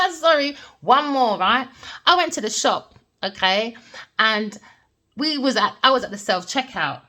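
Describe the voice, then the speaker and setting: A woman with a Jamaican family background, a tarot reader telling stories and giving a reading in an animated, emphatic way. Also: on the high side, measured pace. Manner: animated, emphatic, repeats points with "all right?". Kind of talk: casual storytelling and tarot reading.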